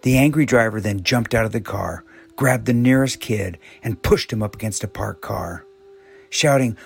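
A man reads an inspirational story in a low, husky voice with a gravelly fry. He speaks slowly and reflectively. Soft music plays beneath him. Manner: slow, measured, reflective. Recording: soft music bed behind voice.

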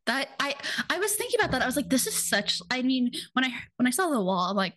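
Woman host, fairly high voice, enthusiastic, chatty, lots of "like". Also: animated, quick pace, fairly bright tone. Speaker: podcast host. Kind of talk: casual podcast conversation.

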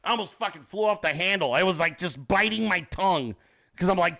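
A man with a high, bright and gravelly voice rants as a political commentary host. He swears constantly and mocks people with sarcastic impressions. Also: lively intonation, moderate pace, long pauses. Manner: crude, sarcastic, mocking impressions. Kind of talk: profane ranting commentary.

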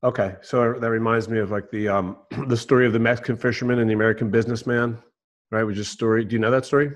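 A man hosting a conversation, telling a story in a casual, animated way. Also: on the low side, quick pace.

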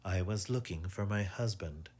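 A man's voice: sits low, normal speed, husky. A man voicing a composed, proud wife. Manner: quiet, composed, lightly scolding. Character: calm, proud middle-aged English wife.

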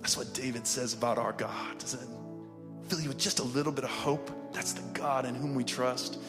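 In a church sanctuary that is also streamed online, a pastor delivers a conversational sermon, inviting responses from people in the pews and from online viewers. His voice sits in the middle range with a steady tone and moderate pace, and it carries a big-room sound over music.

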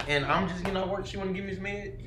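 Male podcast guest, animated and profane storyteller, slightly higher voice, echoey room with faint noise. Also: fast talker. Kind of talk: casual chat.

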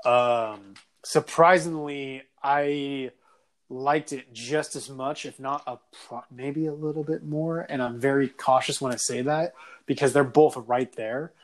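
A man co-hosts a podcast, telling crude stories with lots of laughter. His voice sits mid-range, and his pitch jumps around as he gets animated. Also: unhurried. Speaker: podcast co-host. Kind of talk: casual chat.

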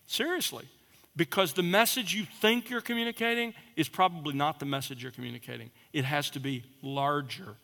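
A man's voice: a little high, fairly quick, vocal fry. A man teaching preachers about sermon delivery in an emphatic lecture style, stressing and repeating his key points. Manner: emphatic, repeats key points, drops to a quiet conversational voice to demonstrate. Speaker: preaching instructor. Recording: long reverb in a large hall.

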